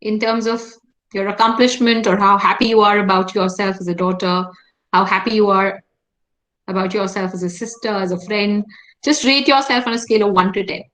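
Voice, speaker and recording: Over a video call, a woman with an Indian English accent leads an interactive online workshop, engaging her audience by frequently asking questions and prompting them to answer. Her voice is medium in pitch, steady, brisk and fairly bright, in a rough recording.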